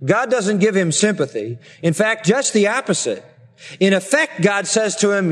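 A man's voice: sits high, expressive, moderate pace, in a large hall. A man preaching a sermon, earnestly explaining and paraphrasing scripture. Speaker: pastor.

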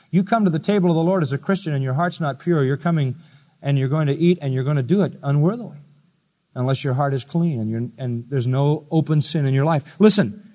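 A preacher delivering a sermon, firing rhetorical questions at listeners, swinging from loud high exclamations to quiet low asides. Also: male voice, a little fast, in a large hall. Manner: emphatic, rising to loud high-pitched exclamations then dropping quiet.

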